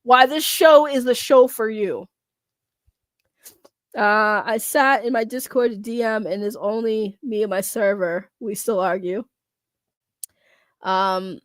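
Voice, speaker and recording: A fairly high-voiced woman streamer with a blocked, congested nose from a cold chats casually with her audience. She talks bluntly and swears freely, breaking into laughs. The sound is dry and close to the mic. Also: takes it slowly, pauses often, dry recording. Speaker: streamer reading chat. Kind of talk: casual livestream chat.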